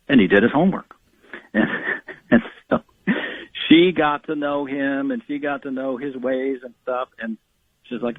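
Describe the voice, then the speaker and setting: A man guesting on a radio show over a tinny, narrow phone line. His voice is husky and dry, and he tells family stories earnestly, restarting often and acting out quotes. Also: mid-range voice, moderate pace, no room sound. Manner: earnest storyteller, many restarts and acted quotes. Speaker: author and guest. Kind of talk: radio interview storytelling.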